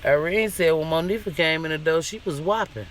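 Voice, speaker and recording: A man's voice: on the high side, fairly quick, a bit bright, a little hiss or hum. A man vlogging a casual, profane rant in an indignant, questioning way.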